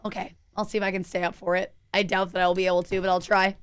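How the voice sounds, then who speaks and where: Woman streamer, smooth clear voice, mid pitch, chatty and thinking out loud to chat. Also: little pitch movement, fast talker. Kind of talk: casual live-stream chat while gaming.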